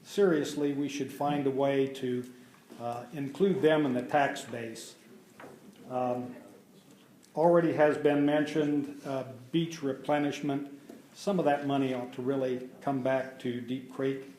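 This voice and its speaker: A man giving public comment at a hearing, halting with many filler pauses. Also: mid-range voice, fairly even intonation, mellow. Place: public meeting room. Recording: roomy echo of a meeting hall.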